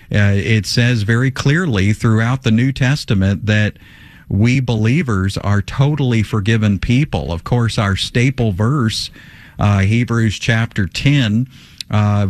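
A man's voice: medium pitch, no room sound. Male radio Bible teacher, mid-range voice, emphatic and conversational, lots of rhetorical questions and fillers, dry close recording.

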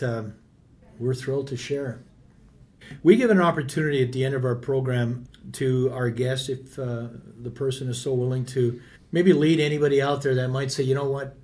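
A man with a medium-pitched voice co-hosts a Christian radio program. He speaks in a measured way, with a few pauses and fillers as he invites the guest to pray. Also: steady tone. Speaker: co-host.

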